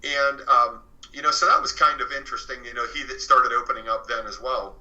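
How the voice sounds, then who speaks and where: Guy on a radio show telling his story, really bright sharp voice, middle pitch, keeps saying you know and restarting. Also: brisk, muffled recording. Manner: rambling, fills with "you know" and restarts, retells others' words. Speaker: guest author recounting a haunted house. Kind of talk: casual spoken storytelling. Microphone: phoned or studio radio interview.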